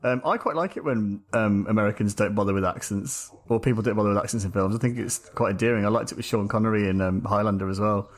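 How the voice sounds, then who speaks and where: Fast-talking male podcast guest. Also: fairly low pitch. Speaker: guest, business tutor. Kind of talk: casual chat.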